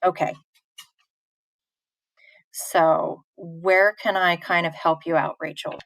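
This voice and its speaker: A woman's voice: lowish voice, level tone, takes it slowly, gravelly, a bit bright, no room sound, low-quality recording. A woman teacher giving a live online poetry lesson, answering chat questions in a patient, informal way with fillers and restarts.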